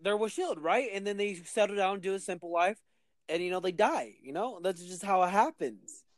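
A man's voice: sits high, moderate pace. A man co-hosting a casual movie-review chat, laying out comic-book background and checking in with his co-host. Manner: explains comic lore with teasing check-ins.

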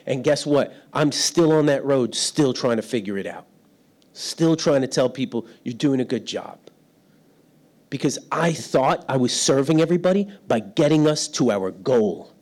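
A man's voice: medium pitch, lively intonation, normal speed, darkish tone. A middle-aged man preaching a sermon in a church hall, telling stories about himself and laughing often. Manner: storytelling, self-deprecating, laughs often. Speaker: pastor. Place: church hall without windows.

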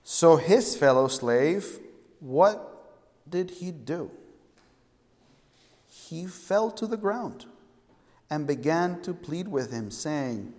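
A man's voice: medium pitch, slow pace, pauses often, a little mellow, big-room sound. A man preaching a sermon, emphatic and fond of asking his listeners questions. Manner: emphatic, asks the congregation questions.

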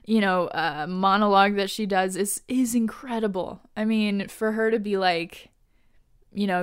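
Smooth-voiced woman recapping a show. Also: medium pitch, normal speed, dry recording, studio quality. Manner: animated, laughs often, casual swearing. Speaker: podcast host. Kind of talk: casual episode recap.

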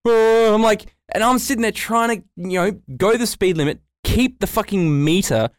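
A man's voice: high voice, expressive, moderate pace, dry recording, clean studio sound. A man, co-hosting a casual podcast and telling a sweary, ranting story. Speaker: podcast co-host. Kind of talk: casual chat.

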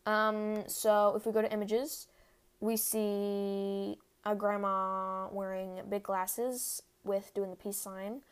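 A woman's voice: medium pitch, flat delivery, smooth. Rambling young woman podcast host. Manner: rambling, heavy use of "like", quick laughs. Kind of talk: casual solo podcast chat.

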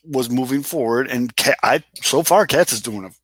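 A man's voice: mid-range voice, normal speed, fairly bright tone, slightly rough, dry recording. A man co-hosting a casual sports talk show, chatting loosely with restarts and the odd swear word. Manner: conversational, rambling with restarts and swearing. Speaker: podcast co-host.

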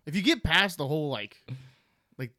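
A man's voice: fairly high pitch, very animated, normal speed, pushed and bright, dry recording, studio quality. A man co-hosting a podcast, joking crudely and laughing often as he talks. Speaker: podcast co-host. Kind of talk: crude casual banter.

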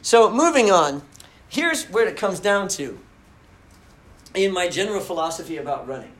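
A man telling a story in a casual talk, animated, often laughing and acting out the lines he quotes. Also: high voice, moderate pace, reverberant, rough recording. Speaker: speaker telling a running story.

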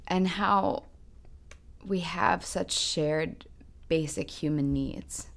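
A woman's voice: fairly low pitch, very slow, vocal fry, a bit bright. A woman co-hosting a podcast, telling a personal story in an earnest, reflective casual chat. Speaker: podcast co-host.

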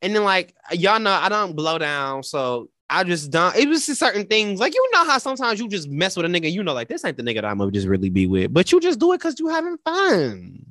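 A man co-hosting a casual talk show, telling a personal story in a dramatic, animated way and quoting the people in it. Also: high voice, brisk, few pauses, dry recording, studio quality. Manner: animated, dramatic retelling with quoted voices. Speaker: podcast co-host.

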